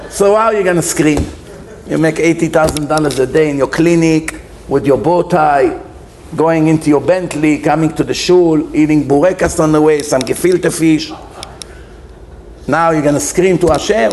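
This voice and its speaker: A man's voice: on the high side, normal speed, slight background noise. A man, a rabbi, giving a humorous sermon, animatedly acting out the figures. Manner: animated storyteller acting out characters in quotes.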